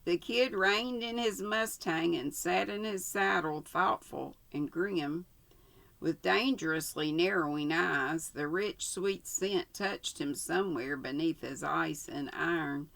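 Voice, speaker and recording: An older woman, the channel host, reading a story aloud casually, unhurried and stopping to correct herself. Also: lowish voice, vocal fry, a bit bright.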